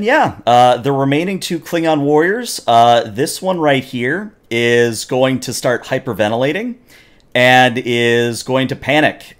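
A man running a tabletop game as game master, narrating the action with animated storytelling and frequent fillers. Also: medium pitch.

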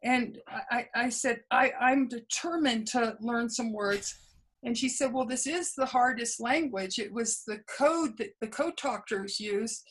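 This memoir author, interviewed as a guest, has a husky, slightly bright voice on the high side and talks a little slowly, recorded in low quality. She earnestly tells stories from her past in a conversational way, performing quoted dialogue with frequent small restarts.

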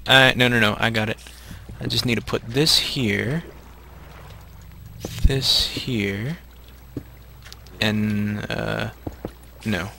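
A man's voice: lowish voice, steady tone, slow, vocal fry, pauses often, bright, forceful tone, a little hiss or hum. A man hosting a co-op survival game, chatting casually and teasing his partner while he plays and thinks aloud. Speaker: host playing a co-op survival game. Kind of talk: casual gameplay chat.

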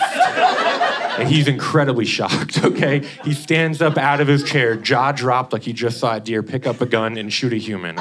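Male comic, young, mid pitch, chatty stage delivery, noisy live club recording. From Indianapolis, Indiana. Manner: chatty, keeps tagging lines with "okay?". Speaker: stand-up comedian. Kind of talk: stand-up comedy set. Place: comedy club stage with a laughing audience.

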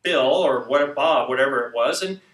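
A man hosting a ministry show, telling a story in an animated, excitable way and acting out the scenes. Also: medium pitch, moderate pace. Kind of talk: storytelling teaching talk. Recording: echoey room, distant mic.

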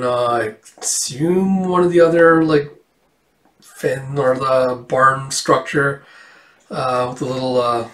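A man's voice: mid-range voice, fairly bright tone. A man reading through a comic book in a casual, rambling way, reading the characters' lines aloud and laughing now and then. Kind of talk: casual comic read-through with quick voices. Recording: echoey room, voice a bit off-mic.

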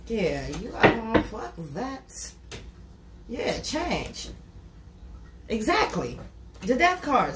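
A woman's voice: fairly high pitch, takes it slowly, pauses often. Blunt, profane woman reading tarot. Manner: blunt, profane and talkative, with repeated "you know". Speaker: tarot reader. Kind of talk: casual tarot reading to camera. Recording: echoey room with steady noise.

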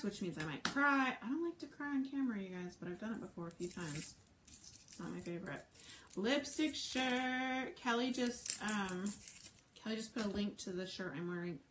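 A woman's voice: medium pitch, noisy background. A woman hosting a live cooking stream, chatting with viewers and gushing over the food as she cooks. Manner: chatty, answers viewer comments while cooking. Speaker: cooking show host. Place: home kitchen.

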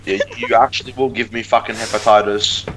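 A man's voice: on the low side, little pitch movement, fairly quick, noisy background. A young man in crude, casual chat with friends, swearing constantly and stammering as he repeats words. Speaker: co-host.

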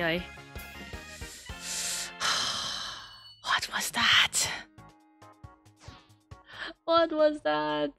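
A young woman with a high voice and an unhurried delivery, talking through a kart race live. She is excitable and chatty, laughing often between remarks. Loud game music plays behind her. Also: gravelly. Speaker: streamer. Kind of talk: live gameplay commentary.

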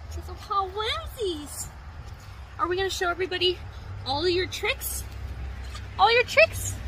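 A woman's voice: extremely high pitch, bright, forceful tone, slight background noise. A woman talking sweet, cooing baby talk to her pet fox, making kissing sounds. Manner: cooing, kissy, sing-song. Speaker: pet owner.

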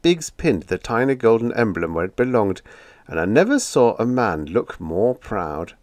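A man with a fairly low voice reads a humorous story aloud, wry and lively in his delivery. His pitch moves a lot as he tells it. The recording is close and dry. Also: normal speed, dry recording. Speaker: audiobook narrator. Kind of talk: humorous audiobook narration.

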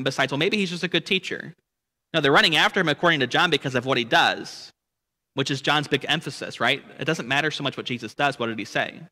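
A man's voice: mid-range voice, sharp tone, long reverb tail. A man leading a church Bible study lesson, explaining the text and asking rhetorical questions with frequent "right?". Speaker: Bible teacher.

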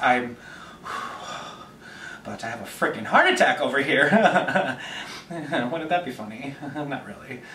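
A young man hosting a reaction video, gushing dramatically and breaking into quick asides as he reacts. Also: mid-range voice, fairly bright tone, a little hiss or hum. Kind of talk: excited reaction commentary. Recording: echoey room, distant mic.

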